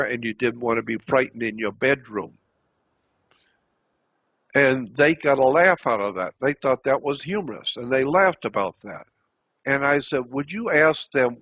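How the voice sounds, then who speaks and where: An older man tells a long personal story in an earnest, repetitive way, circling back over his own phrases. His voice is husky and sits at an ordinary pitch for a man. The recording sounds dull and lo-fi. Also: fairly bright tone. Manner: earnest, repeats and restarts phrases. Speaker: channel host. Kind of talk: storytelling monologue.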